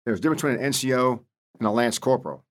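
A man's voice: medium pitch, racing. A man in his fifties, a senior Marine leader interviewed as a guest, telling stories bluntly with salty words. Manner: animated storyteller, blunt and salty. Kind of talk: storytelling interview.

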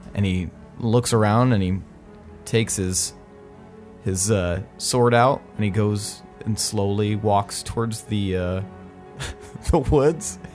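A man's voice: fairly low pitch, takes it slowly, darkish tone, soft background music. A man narrating as game master of a tabletop game, rambling with lots of "like" and laughing often.

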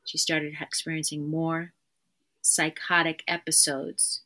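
A woman therapist speaks as a guest on an interview podcast, with a voice that sits a little low. She talks earnestly and with emphasis, often repeating her key phrases. Her manner is conversational. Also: little pitch movement, measured pace, sharp tone.

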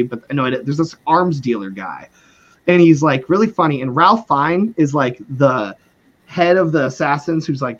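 A man's voice: on the high side, a bit bright, muffled recording. A man who is a podcast guest, talking in a loose, rambling way, swearing freely and often trailing off and starting over. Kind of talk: casual chat.

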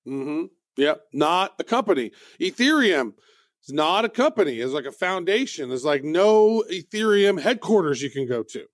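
A man's voice: a little high, sing-song, normal speed, dry recording, studio quality. A man hosting a podcast, chatting loosely through a news rundown with plenty of fillers. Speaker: podcast host.

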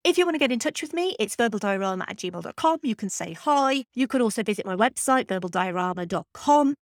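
A woman's voice: on the high side, expressive, fast talker, dry recording, clean studio sound. Upbeat woman podcast host. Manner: chatty, enthusiastic, self-deprecating. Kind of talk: scripted podcast outro. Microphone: podcast microphone.

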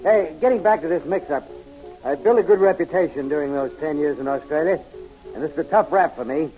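A man playing a gruff half-deaf carny boss. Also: fairly high pitch, brisk, warm tone, soft background music, lightly acted, low-quality recording. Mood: defensive. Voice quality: gruff, brusque. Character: gruff, half-deaf male carnival owner. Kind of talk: 1940s radio acting.

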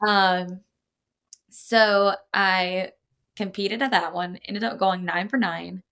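A young woman chats as a podcast guest, telling her stories with lively energy. She laughs often and slips into the voices of people she quotes. Her pitch sits in an ordinary middle range. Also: slow. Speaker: podcast guest, powerlifter and coach. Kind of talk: casual storytelling chat.

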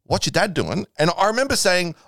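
A man's voice: sits high, big pitch swings, fairly quick, vocal fry, a bit bright, dry recording. Man, casual chat, laughing storyteller, swears, dry close sound. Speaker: podcast guest comedian telling a story.

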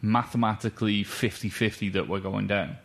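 Lower-pitched man, casual football chat. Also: a little fast, vocal fry. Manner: animated, swears freely. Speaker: podcast co-host.

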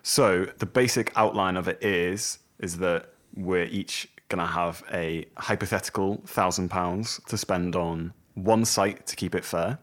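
A man's voice: sits low, fairly even intonation, measured pace, few pauses, a bit bright. A man co-hosting a music podcast in casual chat, easygoing and explaining things at length. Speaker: podcast co-host.

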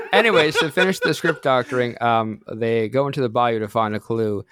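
Male co-host, casual and rambling, mid-pitched, dry close sound. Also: expressive, normal speed, fairly bright tone, dry recording. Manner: rambling, repeats words while pitching ideas. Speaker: podcast co-host. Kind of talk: casual comedic chat.

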